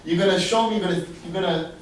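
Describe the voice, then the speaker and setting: A man's voice: high-pitched, fast, natural voice. A man voicing a bad-tempered, commanding king, heard from a distant mic in a very echoey space. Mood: excited. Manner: loud and demanding.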